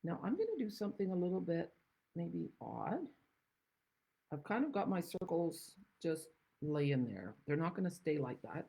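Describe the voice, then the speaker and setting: A woman's voice: fairly low pitch, sing-song, moderate pace, vocal fry, mellow, husky, rough recording. A woman from the Netherlands hosting a card-making tutorial, chatting with rambling, self-deprecating asides. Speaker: craft demonstrator and channel host.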